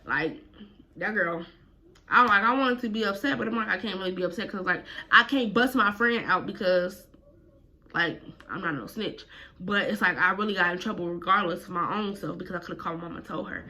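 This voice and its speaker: A woman's voice: mid-range voice, brisk, bright, forceful tone. A woman vlogger telling a personal story casually, full of slang and cursing. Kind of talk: storytime vlog.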